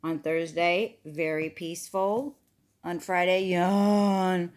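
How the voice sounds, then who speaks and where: A woman's voice: medium pitch, expressive, a little slow. A woman reading a picture book aloud to a child, chatty and playful, stopping to talk about the pictures. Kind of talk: storybook read-aloud to a child.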